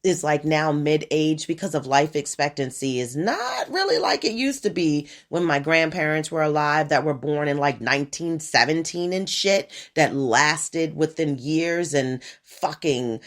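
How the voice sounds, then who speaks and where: A woman in her forties hosting a podcast alone, rambling in a profane, animated casual monologue. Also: deep voice, measured pace, few pauses. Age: 40s. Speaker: podcast host.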